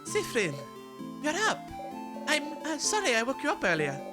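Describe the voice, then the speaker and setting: A streamer voicing Mirabelle, a kind and worried young woman, reading game dialogue in a high, anxious voice. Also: wildly swooping pitch, moderate pace. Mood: pleading. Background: game music.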